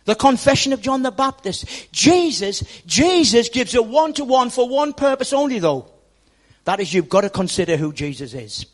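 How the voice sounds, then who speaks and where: A pastor preaching a sermon in a church, speaking straight to the congregation and repeating words for emphasis. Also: male voice, very high-pitched, sing-song, moderate pace.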